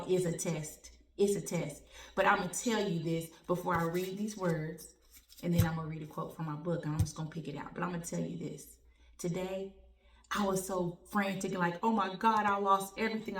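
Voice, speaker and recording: A woman hosting her own motivational show, telling stories in an animated, preachy way and repeating phrases for emphasis. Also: lowish voice. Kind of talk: motivational talk and storytelling. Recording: echoey room, distant from the mic.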